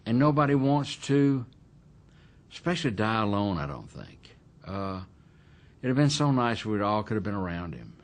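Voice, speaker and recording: A man's voice: fairly low pitch, sing-song, normal speed. A man, telling his memories bluntly and emphatically in a documentary interview.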